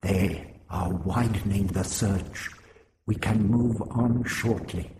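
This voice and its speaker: A man voicing a winged male alien with a high-pitched, stilted way of speaking, slow and grave. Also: dark tone, slight background noise.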